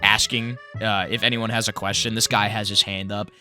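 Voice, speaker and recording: A man's voice: fairly low pitch, flat delivery, normal speed, pushed and bright, faint music behind. A young man in college, ranting bluntly and crudely through a comedic tier list, stammering and restarting as he goes. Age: young adult. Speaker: college student vlogger.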